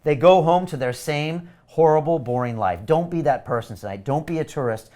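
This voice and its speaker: A middle-aged man hosting a live webinar, delivering an energetic, pushy sales pitch full of repeated catchphrases. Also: moderate pace.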